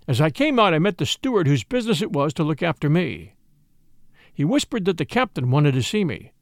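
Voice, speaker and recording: Male storyteller, measured and expressive, dry close recording. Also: fairly high pitch, no room sound. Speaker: narrator. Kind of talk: reading a ghost story aloud.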